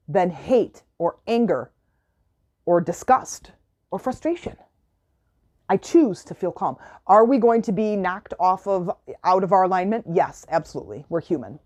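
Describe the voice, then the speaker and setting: Mellow-voiced woman giving a motivational talk. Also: medium pitch. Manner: earnest, repetitive, voices imagined clients. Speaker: podcast host and spiritual coach. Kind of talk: motivational self-help talk.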